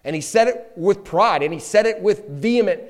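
A man's voice: high-pitched, lively intonation, normal speed. Emphatic preaching man in a reverberant hall. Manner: swings from loud emphatic preaching to quiet intimate asides. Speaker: pastor. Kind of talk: sermon.

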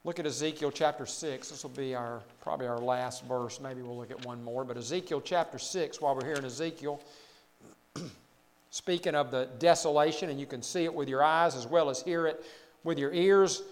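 A man preaching a sermon as pastor, swinging between loud emphatic lines and quiet, low asides, repeating words for weight. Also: normal speed, in a large hall, poor audio.

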